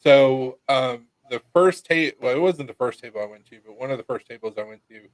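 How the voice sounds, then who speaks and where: A man's voice: mid-range voice, lively intonation, brisk, dry recording, poor audio. A man telling stories in a casual podcast chat, swearing and laughing often. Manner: laid-back storyteller, swears, laughs often. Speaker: podcast co-host.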